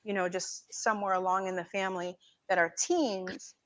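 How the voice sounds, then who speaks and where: A woman guest in a casual conversation who rambles, restarts her sentences and grows animated when she makes a point. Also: mid-range voice, normal speed. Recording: dull lo-fi audio.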